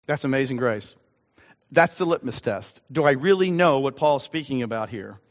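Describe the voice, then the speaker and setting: A man's voice: medium pitch, lively intonation. Man preaching in an echoing hall. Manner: earnest, halting with frequent ums. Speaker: pastor. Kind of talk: sermon with personal story. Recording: long hall reverb.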